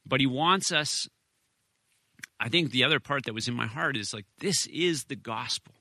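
A man's voice: medium pitch, lively intonation, normal speed, creaky, pushed and bright, no room sound. A man in his thirties preaching a personal, earnest sermon, often restarting his sentences with short laughs. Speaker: pastor.

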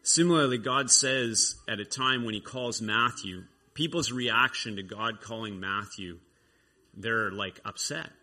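A man's voice: fairly low pitch, a little slow, sharp tone. A man giving an informal sermon, reading scripture and reflecting aloud in a conversational way. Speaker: preacher.

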